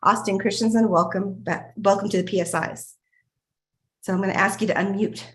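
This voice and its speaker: Woman, video call host, casual, gushing, laughs often, restarts sentences, mid pitch. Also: fairly even intonation, fairly quick, a bit bright.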